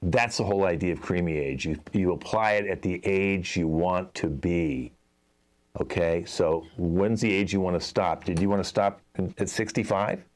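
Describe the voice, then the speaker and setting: A man with a very low voice plays an exasperated commercial director in an improv scene. He rambles through his notes with lots of fillers and sighing asides. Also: normal speed. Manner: exasperated, talky, many fillers. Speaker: improv show host, playing a commercial director.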